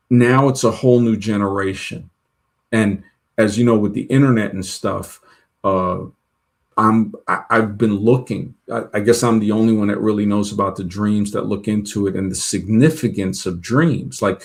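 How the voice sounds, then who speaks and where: A man telling long personal stories in a casual chat, rambling with many restarts and retold dialogue. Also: fairly low pitch. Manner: rambling, full of restarts and "she goes" retellings.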